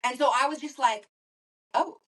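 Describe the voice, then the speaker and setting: A woman's voice: medium pitch, animated, brisk, fairly bright tone, distant mic. A woman co-hosting a podcast, chatting casually and telling stories, acting out other people's lines and swearing casually. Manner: storytelling, acts out voices, swears casually. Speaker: podcast co-host. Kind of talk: casual chat.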